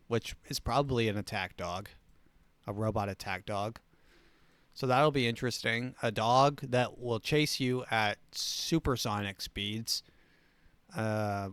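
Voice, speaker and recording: Sarcastic comedy host, male, smooth voice, dry close recording. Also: mid-range voice, fairly bright tone, no room sound. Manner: sarcastic, riffing. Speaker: show host. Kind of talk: comedic news commentary.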